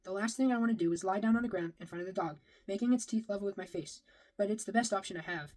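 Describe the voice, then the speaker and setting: A woman's voice: mid-range voice, fast, a little mellow, rough recording. Woman, novel reading, first-person narration, occasional stumbles and rereads. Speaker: reader.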